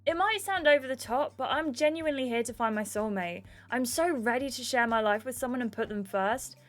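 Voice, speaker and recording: A woman's voice: fairly high pitch, fairly quick, soft background music, close to an everyday voice. A woman reading aloud as an earnest, romantic young man, in a sincere tone.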